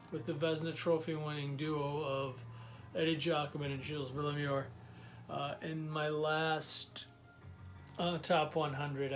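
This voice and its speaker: New man, slightly high voice, eager and chatty, show-and-tell vlog with faint music underneath. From New York, USA. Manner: enthusiastic, chatty, with many fillers. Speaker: collector showing his items.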